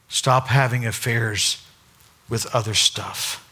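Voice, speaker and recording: A male pastor preaching a sermon, swinging between loud, acted-out dialogue and hushed asides. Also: medium pitch, unhurried, husky.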